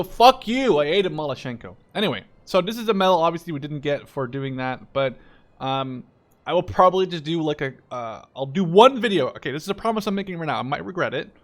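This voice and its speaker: A man in his twenties talks through a video game in a casual, rambling way. He gets excitable and swears freely, in a voice that sits a little high. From Canada. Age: 20s. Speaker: gaming video host. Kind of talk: casual gameplay commentary.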